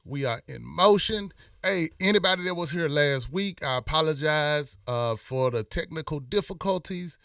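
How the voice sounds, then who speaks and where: A man's voice: on the high side, lively intonation, moderate pace, hardly any pauses, a bit bright, dry recording, studio quality, recorded from a distance. A middle-aged man hosts a live stream, talking in a rambling, impassioned way with many restarts. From Memphis. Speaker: host. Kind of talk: casual live-stream talk.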